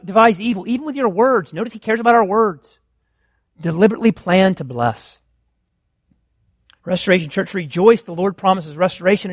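A male pastor preaching with a high, ringing voice that climbs even higher as he stirs up his congregation. His sermon swings from quick asides to slow, emphatic declarations. The sound is dry and close, with no room echo. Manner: impassioned preaching, rising to loud exclamations.

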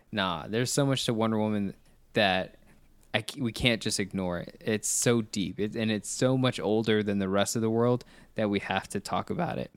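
A man's voice: on the low side, clean tone, no echo. A young man co-hosting a film podcast, chatting casually and rambling with frequent self-corrections. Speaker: podcast co-host. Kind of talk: casual chat.

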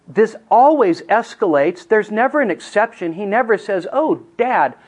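A middle-aged man giving a teaching talk to counselors, telling a family story in an earnest way that moves from hushed to emphatic. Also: high voice, lively intonation, normal speed, slightly rough, poor audio.

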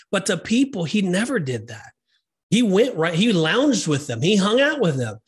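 A man co-hosting a faith podcast, talking in an earnest, emphatic, animated way. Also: high-pitched, normal speed, husky. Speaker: podcast co-host. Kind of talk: casual faith discussion.

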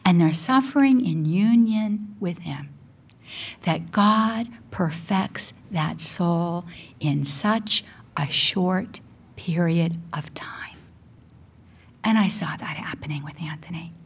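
An older woman giving an emotional spoken testimony, preaching at times in a near whisper, with a husky voice. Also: fairly low pitch, slow pace. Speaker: Catholic speaker and broadcaster. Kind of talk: sermon.

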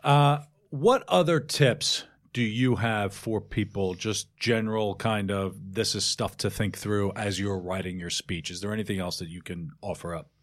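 A man's voice: fairly low pitch, normal speed, few pauses. A man hosting a podcast, who recaps what the guest said and prompts him with questions. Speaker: podcast host. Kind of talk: conversational interview.

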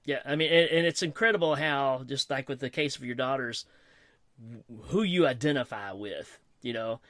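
A man's voice: mid-range voice, moderate pace, fairly bright tone. A man talking enthusiastically in a casual conversation, laughing easily. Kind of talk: casual fan chat.

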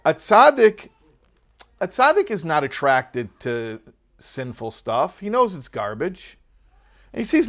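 A man teaching a religious text class, explaining ideas in an animated way and acting out little quoted voices. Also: sits high, normal speed. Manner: animated, acts out quoted people, many restarts. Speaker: Torah teacher. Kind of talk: classroom lesson.

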